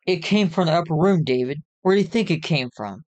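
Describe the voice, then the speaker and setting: A man's voice: a little high, animated, brisk, darkish tone, muffled recording, natural voice. A man voicing Chris, a sarcastic young friend on a ghost hunt, in a story he tells himself.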